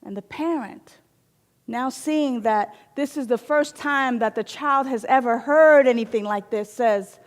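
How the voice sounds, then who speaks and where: A woman's voice: a little high, a little slow. A woman minister giving a playful, storytelling sermon in a spiritual center. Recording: long hall reverb.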